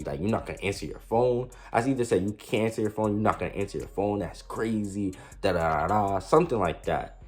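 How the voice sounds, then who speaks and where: A young man casually telling a storytime about his past, slangy and self-mocking, with frequent restarts. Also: low voice. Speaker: storyteller vlogger.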